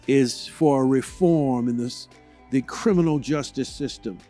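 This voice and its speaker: A man's voice: medium pitch, unhurried, mellow. An earnest man hosts and speaks with feeling. He halts often, with many fillers and restarts. Faint music plays behind him. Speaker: host. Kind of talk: emotional tribute and commentary.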